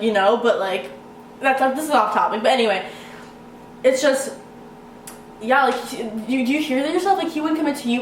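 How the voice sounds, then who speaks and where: Fast-rambling young woman vlogger. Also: fairly high pitch, distant mic, a little hiss or hum. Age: young adult. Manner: rambling, full of "like", swears freely. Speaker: vlogger giving relationship advice. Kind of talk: casual advice vlog. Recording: echoey room, away from the mic, faint ambience.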